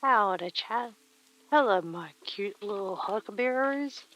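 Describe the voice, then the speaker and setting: A woman's voice: fairly low pitch, moderate pace, no echo, lightly acted, low-quality recording. A woman putting on a folksy cowboy voice, drawling homespun sayings.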